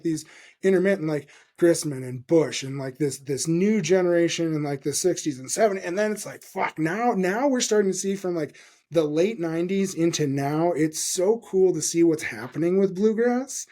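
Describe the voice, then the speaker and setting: A man in his forties hosts a podcast with an excited, rambling delivery full of fillers and swearing. His voice sits a little high for a man, with a mellow, soft-edged tone. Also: normal speed. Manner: enthusiastic, profane, rambling with many fillers. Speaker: podcast host. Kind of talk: casual interview chat.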